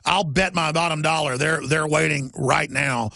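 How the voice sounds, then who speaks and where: A man's voice: a little high, normal speed, vocal fry, pushed and bright, no room sound. A middle-aged man hosting a political talk radio show, ranting emphatically and repeating himself for effect.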